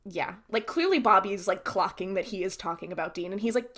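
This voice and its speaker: A woman's voice: mid-range voice, a little fast, hardly any pauses. A young woman co-hosting a podcast, chatting casually and acting out characters' lines as she recaps. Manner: animated, acts out characters' lines while recapping. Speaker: podcast co-host.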